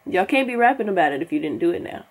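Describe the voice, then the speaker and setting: A young woman talks through a reaction video in a casual, chatty way, sounding baffled and sometimes dropping to a whisper. Her voice is a little husky, and she is a host giving her take on a new song. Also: on the low side, sing-song, very fast.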